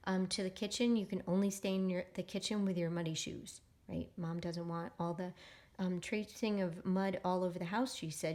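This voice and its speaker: A woman teaching a phonics lesson to young readers. She is patient and encouraging, and she sounds out words slowly for the children to repeat. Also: fairly low pitch, steady tone, darkish tone. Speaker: reading teacher.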